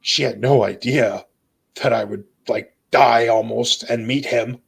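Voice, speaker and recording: A man's voice: medium pitch, steady tone, unhurried, gravelly, slightly rough. A young man earnestly recounting a near-death experience in casual speech, peppering it with "dude" and "bro". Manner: intense, earnest storytelling. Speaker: guest telling his near-death story. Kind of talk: emotional personal testimony.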